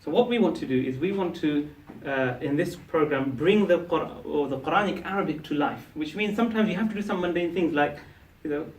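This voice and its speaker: A man with a slightly high voice teaches Arabic, speaking fairly quickly with hardly any pauses. He explains and quizzes the class, often checking in with "yeah?" and restarting sentences. The recording comes from a distant mic in an echoey room.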